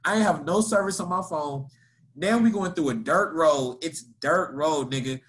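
A young man from Kentucky, co-hosting a podcast and telling a story in casual, slangy talk. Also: moderate pace. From Kentucky, USA. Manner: animated, slangy, laughing, jumps into high voices for quotes. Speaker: podcast co-host.

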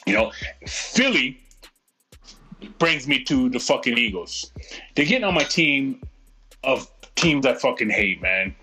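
A man's voice: medium pitch, very animated, measured pace, long pauses, pushed and bright, faint music behind, low-quality recording. A man chatting on a podcast, ranting heatedly and swearing constantly. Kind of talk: profane casual chat.

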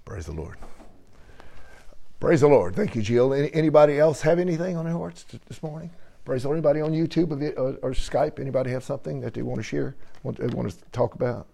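A man leading a church gathering, telling an animated testimony with laughter and frequent praise. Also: mid-range voice, fast talker, creaky. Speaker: church fellowship leader.

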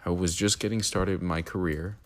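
A man hosting his own podcast, talking through his thoughts in a reflective solo monologue with a steady rhythm. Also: low voice, fairly quick. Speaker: podcast host.

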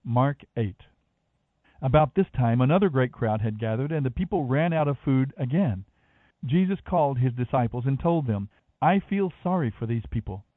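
Scripture reader, male, measured and expressive, narrow phone-like sound. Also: medium pitch, no echo. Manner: measured, expressive reading of dialogue. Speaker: Bible reader. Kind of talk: scripted Bible reading.

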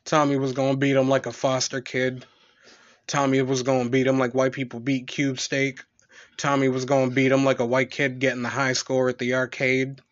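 A young man trades crude, dark jokes in loose podcast banter, swearing as he goes. His pitch sits right in the middle, and the recording sounds dull and lo-fi. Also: completely flat delivery, moderate pace. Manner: profane, joking storyteller with dark humor. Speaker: podcast co-host. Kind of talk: explicit casual chat.

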